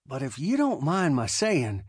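A man's voice: mid-range voice, huge pitch swings, measured pace, husky, no room sound, clean studio sound, full character voice. A man doing a folksy, wary frontier settler. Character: middle-aged male settler, wary and folksy.

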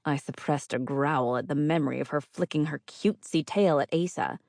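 A woman's voice: sits low, fairly even intonation, normal speed, few pauses, a little mellow, dry recording. A woman narrating first-person fiction as an audiobook reader, with a wry, dry delivery.

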